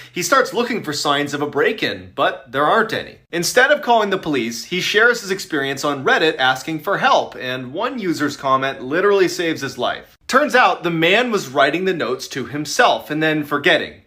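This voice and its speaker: A man's voice: fairly high pitch, bright, forceful tone. A man narrating creepy true stories with a dramatic, suspenseful delivery. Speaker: storyteller.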